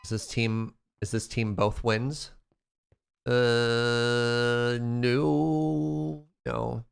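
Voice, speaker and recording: With a fairly low, gravelly voice and a slightly slow pace, a man streams a building game live. He chats with his viewers in an animated, playful manner.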